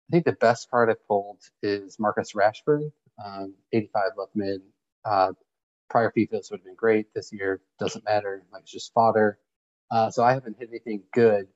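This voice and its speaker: A man's voice: fairly low pitch, a little mellow. A man co-hosting a casual podcast chat, laid-back and offhand, who swears freely. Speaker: podcast co-host. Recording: dull lo-fi remote audio.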